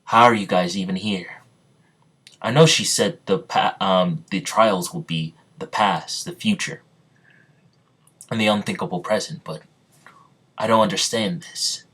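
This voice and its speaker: A gruff young male fighter who is confused and on edge, with a man reading him out. He speaks in a flat, halting way, his voice sitting a little low. This is a homemade story read aloud. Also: heavily acted. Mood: puzzled.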